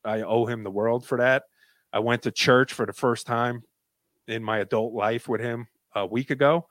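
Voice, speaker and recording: A man's voice: mid-range voice, steady tone, normal speed, fairly bright tone, no echo. A man in his late thirties, a guest telling an emotional personal story in a casual, rambling way with many fillers. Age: 30s.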